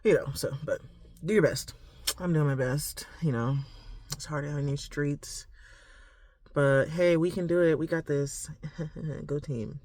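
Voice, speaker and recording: A woman's voice: low voice, a little slow, long pauses, darkish tone, no room sound. A woman vlogging a rambling, reflective monologue, full of "like" and "you know". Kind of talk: confessional casual monologue to camera.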